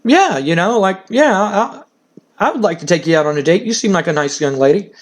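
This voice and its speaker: A man voicing a cocky young male wrestler, indignant and eager, a bit higher than his usual voice. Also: expressive, fairly quick.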